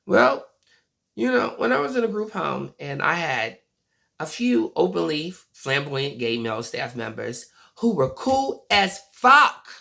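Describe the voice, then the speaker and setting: A person in their forties vlogging a casual, blunt and profane monologue, telling stories in an animated way. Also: mid-range voice, moderate pace, gravelly. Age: 40s.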